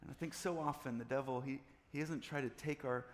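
With a big-room sound, a pastor preaches briskly in a medium-pitched voice, repeating phrases and ramping up his intensity as he goes.

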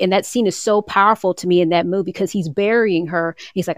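A woman's voice: medium pitch, steady tone, fairly quick, no echo. A woman co-hosting a faith podcast, talking earnestly about forgiveness and quoting scripture in its old wording. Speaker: podcast co-host. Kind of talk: casual faith talk, teaching on forgiveness. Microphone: remote call, moving around.

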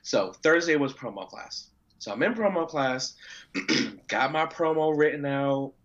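A man's voice: mid-range voice, expressive, measured pace, fairly bright tone. A man being interviewed, who tells a story casually, swears freely and acts out what people said. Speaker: professional wrestler guest. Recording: dull lo-fi audio.

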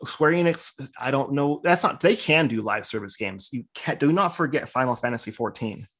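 A man's voice: mid-range voice, expressive, normal speed, a bit bright, husky. A man co-hosting a podcast in casual chat, rambling through opinionated game critique. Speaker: podcast co-host.

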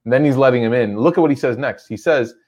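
A man's voice: medium pitch, fast talker, a little mellow, muffled recording. A man giving a religious lecture, retelling a story in a loose, conversational way full of "like" and "you know".

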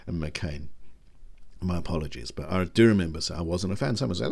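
A man's voice: deep voice, lively intonation, brisk, creaky, a little mellow. A man, rambling in a self-deprecating casual monologue.

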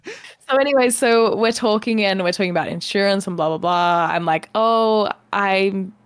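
A young woman with a mid-pitched voice tells stories in a chatty way on a podcast, acting out her own reactions and often laughing. The sound is close and dry, with no room echo. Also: normal speed, smooth. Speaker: podcast co-host. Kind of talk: casual chat.

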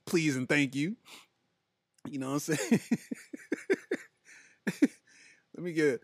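Slow slangy young man, laughing. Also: on the high side, lively intonation, dry recording, studio quality. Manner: laughs often, slangy and loose, trails off with "man" and "boy". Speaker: podcast host reading live chat. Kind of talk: casual comedic chat.

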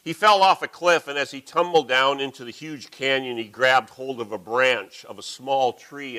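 A middle-aged man preaching a sermon, with folksy, animated storytelling. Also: medium pitch, normal speed, hardly any pauses, low-quality recording.

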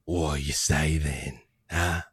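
A man voicing a towering, brash and flirtatious male tiefling with a gruff, lowered voice. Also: steady tone, slow pace, heavily acted. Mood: teasing.

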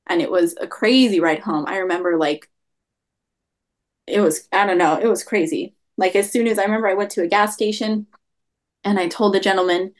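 A young adult woman telling her story as an interview guest, rambling and leaning heavily on the word "like.". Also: medium pitch. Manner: rambling, heavy use of "like" fillers. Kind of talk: casual storytelling.

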